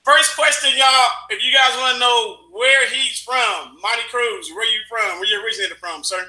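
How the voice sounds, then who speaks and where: A man's voice: very high voice, normal speed, pushed and bright, echoey room, low-quality recording. A man from Dayton, Ohio, hosting a live stream in loose casual chat and addressing the viewers directly. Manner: loose, talks to the viewers as "y'all".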